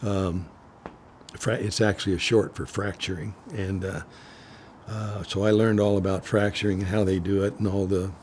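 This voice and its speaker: An older man from Oklahoma recounts his forestry career in an oral history interview, speaking in a lowish voice. He rambles through anecdotes, stops to restart his sentences and clears his throat now and then. Faint ambient noise sits behind him. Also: flat delivery, normal speed, a little mellow. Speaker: retired forest supervisor interviewee.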